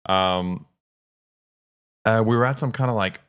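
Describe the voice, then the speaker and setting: Young guy, lowish voice, casual chat, swears a lot, gets animated telling stories. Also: measured pace, smooth. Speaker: co-host.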